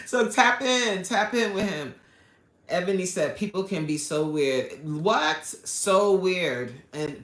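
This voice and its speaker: Bright, roomy-sounding East Coast woman coach. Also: sits low. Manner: expressive, laughs often, preacher-like "amen". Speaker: life coach. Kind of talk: casual live-stream chat reading comments.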